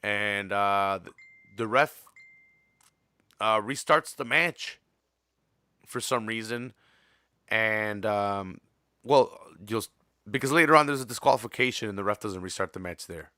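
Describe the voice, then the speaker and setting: A man co-hosting a wrestling podcast, recapping matches in animated, joking casual chat. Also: fairly low pitch, unhurried, long pauses, no echo, studio quality. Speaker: podcast co-host.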